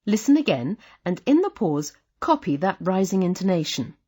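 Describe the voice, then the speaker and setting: A woman guiding learners through a language lesson in a patient, encouraging way. Her voice has a slight huskiness, and her pitch moves a lot. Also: very animated, moderate pace, warm tone, breathy edge. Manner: patient, encouraging teacher's delivery. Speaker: course narrator. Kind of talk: scripted instructional narration.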